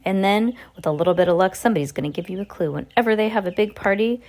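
A brisk, loving old grandmother gives careful instructions in a measured, motherly storybook voice read by a woman in her own tone. Her words come slowly and deliberately. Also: medium pitch, darkish tone, close to an everyday voice.

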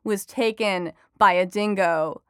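A woman's voice: mid-range voice, slow pace, fairly bright tone, clean tone, dry recording. Woman chatty reporter guest, laughs easily, lots of ums, close dry mic. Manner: chatty, laughs often, many fillers. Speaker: entertainment reporter and author. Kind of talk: conversational interview answers.

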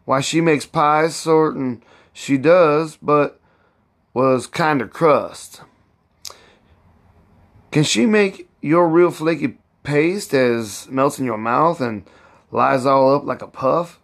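A man performs the voice of an elderly woman cook, proud and bossy, speaking in a heavy old Southern dialect. She gossips and scolds as she talks, with the pitch raised and the words drawn out.

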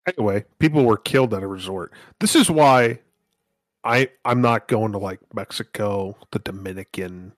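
A man's voice: fairly low pitch, moderate pace, no echo. A man co-hosting a podcast, blunt, sardonic and profane in casual banter. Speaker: podcast co-host.

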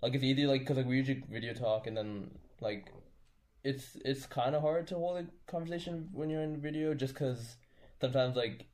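A man's voice: medium pitch, a little fast, a little mellow. A young man co-hosting a podcast, chatting with friends and rambling with lots of filler words and restarts. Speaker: podcast co-host. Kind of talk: casual chat among friends.

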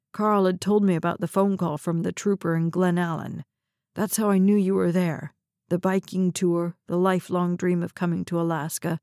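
Woman doing a gravelly, bitter injured man. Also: lowish voice, dark tone, dry recording, clean studio sound. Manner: curt, bitter, mumbling. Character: injured bitter young man in hospital bed.

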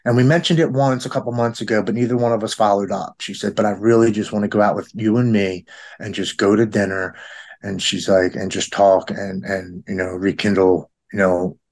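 A man in his forties with a fairly low voice tells a personal story in casual conversation. He acts out each person he quotes by lifting his voice, and often stops to restart a sentence. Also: fairly even intonation, a little fast, gravelly, a little mellow, a little hiss or hum. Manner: storytelling, quotes others in a raised voice. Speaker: guest in recovery.

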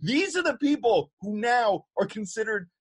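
A man's voice: sits high, big pitch swings, moderate pace, breathy edge. A man in casual political chat, blunt and exasperated, swearing now and then.

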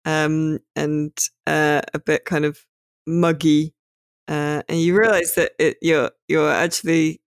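Rambling podcast host, dry sound. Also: male voice, on the high side, flat delivery, slow, gravelly, clean tone, no echo. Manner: rambling, hesitant scene-setting with many fillers. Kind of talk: casual chat.

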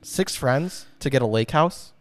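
A man co-hosting a podcast in a relaxed, laid-back way, his voice smooth and resonant. The sound is dry and close, with no room around it. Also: mid-range voice, unhurried, no echo. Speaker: podcast co-host. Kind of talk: casual chat.

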